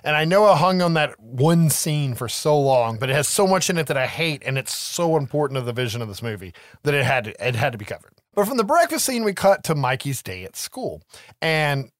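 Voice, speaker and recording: A man talks through a film's plot in a loose, profane way, his voice climbing and dipping with a lot of life. He sits a touch higher than most men, and the sound is dry and close with no room around it. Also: fairly quick, no room sound. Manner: profane, animated storytelling with quoted voices. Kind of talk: casual movie recap chat.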